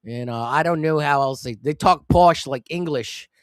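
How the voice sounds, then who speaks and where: A man's voice: on the high side, moderate pace, smooth, no echo, clean studio sound. A man hosting a live comic-drawing stream, rambling casually and cracking crude jokes. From United States. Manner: rambling, crude joking, animated.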